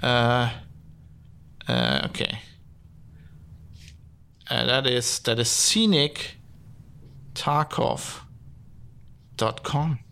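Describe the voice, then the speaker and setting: A man's voice: mid-range voice, big pitch swings, very slow, creaky, pauses often, sharp tone, smooth. A man hosting his own podcast, talking casually and sardonically, rambling with many fillers and restarts. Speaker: podcast host. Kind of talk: casual solo podcast talk. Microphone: podcast mic, streamed live.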